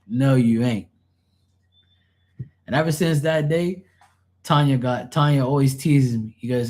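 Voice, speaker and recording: A man's voice: medium pitch, unhurried, pauses often. A man reading tarot on a live stream, telling blunt, profane stories in casual chat and mocking the people he quotes. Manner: animated, mocking quoted voices.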